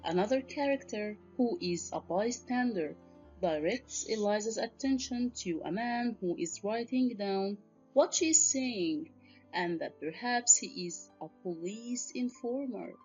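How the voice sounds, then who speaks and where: Slow-speaking woman teaching a lesson. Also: medium pitch, animated, a little mellow, lo-fi sound, soft background music. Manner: slow, deliberate, addresses students directly. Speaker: English literature teacher. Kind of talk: recorded lesson narration.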